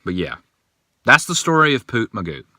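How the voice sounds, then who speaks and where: A man hosting a casual solo podcast, telling rambling, animated stories. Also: fairly low pitch, moderate pace, no echo, clean studio sound. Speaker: podcast host.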